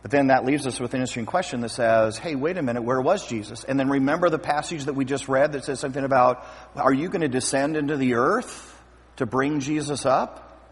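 A man preaching a sermon as pastor, lively and acting out scripture scenes with voices. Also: mid-range voice, brisk, slightly rough. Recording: long hall reverb.

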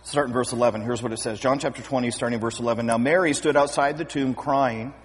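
A man preaching a sermon as pastor, lively and acting out scripture scenes with voices. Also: mid-range voice, quick pace, breathy edge. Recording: long hall reverb.

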